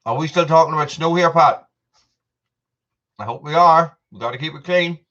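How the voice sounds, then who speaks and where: A man's voice: fairly high pitch, moderate pace, fairly bright tone. A man from Britain hosting a casual live stream, chatting to viewers by name and eating popcorn as he talks. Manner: chatty, reads out viewer names, eats popcorn while talking. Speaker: livestream host. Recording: dull lo-fi sound.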